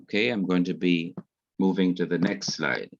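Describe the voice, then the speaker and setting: A man's voice: sits low, normal speed, creaky, dull audio. A man with a Jamaican accent, carefully explaining grammar rules in an online revision lesson. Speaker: Hebrew teacher.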